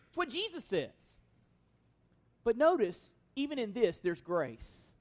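A man with a strikingly high-pitched voice leads a sermon as pastor. He speaks with earnest emphasis and keeps turning his points into rhetorical questions for his listeners. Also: big pitch swings, unhurried. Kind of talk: expository sermon.

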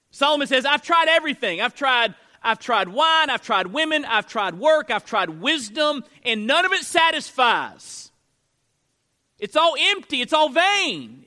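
A middle-aged man pastor preaching a sermon, emphatic and swinging between loud declarations and hushed low lines.

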